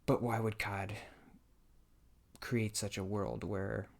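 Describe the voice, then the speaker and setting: A man's voice: lowish voice, level tone, slow, vocal fry. A man talking casually while he plays a game, thinking aloud in a hesitant way and often restarting his sentences. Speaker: gameplay commentator.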